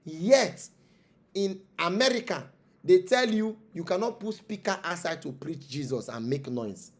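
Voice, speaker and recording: In an unhurried, high-pitched voice with lively intonation, a Nigerian-accented man preaches as an interview guest. He is a traditional spiritual leader, and his impassioned monologue relies on rhetorical questions and repetition.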